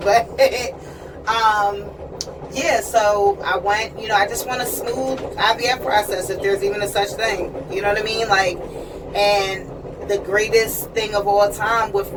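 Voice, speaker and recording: A woman's voice: medium pitch, little pitch movement, unhurried. A woman talking in a casual personal vlog on a train, chatty and earnest, often checking in with "you know what I mean". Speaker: vlogger. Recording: distant mic with train noise.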